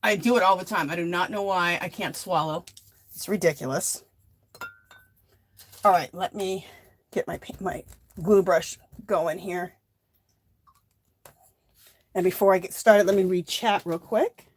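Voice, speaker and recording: A woman's voice: fairly low pitch, measured pace, pauses often. A woman hosting a casual crafting livestream, chatting and thinking aloud as she works, recorded on a phone at her craft table. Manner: chatty, rambling, thinks aloud while working.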